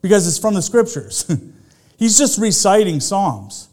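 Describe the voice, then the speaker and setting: A man's voice: sits high, big pitch swings, measured pace, darkish tone. A middle-aged man, a pastor, preaching a sermon in a conversational way, full of rhetorical questions to the congregation.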